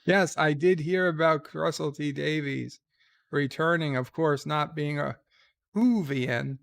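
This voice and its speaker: Slow, gravelly-voiced man hosting a stream. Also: on the high side, fairly bright tone. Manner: slow, halting, with many pauses and fillers; wry and irreverent. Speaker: live stream host reading chat. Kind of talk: casual live-stream chat. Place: lying in a bed.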